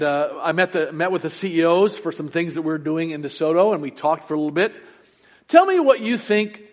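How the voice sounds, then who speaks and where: A man's voice: fairly high pitch, in a large hall. A male pastor preaching a sermon earnestly, with restarts between points and sudden emphatic rises. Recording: muffled lo-fi recording.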